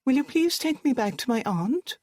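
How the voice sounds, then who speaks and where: Narrator voicing a sharp young lady. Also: high-pitched, sing-song, no room sound, pitched above the performer's own voice. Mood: dry, teasing. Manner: brisk, dry, teasing. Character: sharp-witted young woman, calm and teasing.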